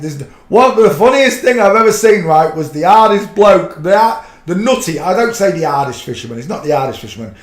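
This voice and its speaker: A middle-aged man tells loose, colloquial anecdotes as a livestream host. His voice sits slightly high for a man. The room around him adds a noticeable echo. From a fishing town. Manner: rambling, colloquial anecdote-teller. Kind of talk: casual storytelling chat. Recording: roomy echo.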